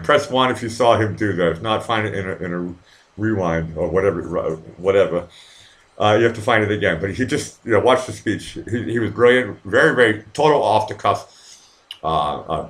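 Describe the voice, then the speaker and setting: Middle-aged guy rambling on his live stream, lowish voice, keeps stumbling and repeating himself. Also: a bit bright. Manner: loose, meandering, stammers and repeats words, swears freely. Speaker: live show host.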